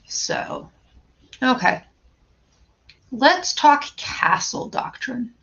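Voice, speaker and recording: A woman in her thirties chats loosely on a livestream, her voice carrying a gravelly fry. She rambles, trips over her own restarts and keeps calling out viewers by name. The audio is dull and lo-fi. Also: medium pitch, lively intonation, measured pace, long pauses. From western Pennsylvania, USA. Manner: rambling and chatty, greets chat viewers by name; frequent stammered restarts and filler words. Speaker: firearms livestream host. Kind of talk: casual livestream chat.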